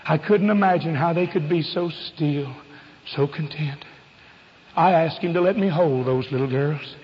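A man preaching an evangelistic sermon, fervent and pleading, swinging from loud calls to hushed appeals. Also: fairly high pitch, measured pace, in a large hall, lo-fi sound, slight background noise.

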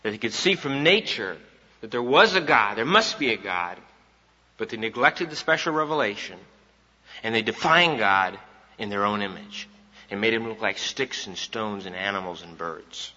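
This evening sermon comes from a man with a fairly low, expressive voice that sounds pushed and bright, at normal speed. He stresses and repeats his key points for the congregation, and the recording is dull, in a reverberant hall.

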